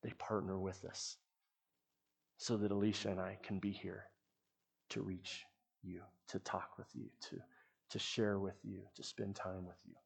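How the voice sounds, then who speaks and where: A man's voice: low voice, level tone, measured pace, vocal fry, long pauses, slightly rough. A man who leads a youth ministry, giving an earnest, conversational sermon to the people who support it. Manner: earnest, conversational preaching with restarts.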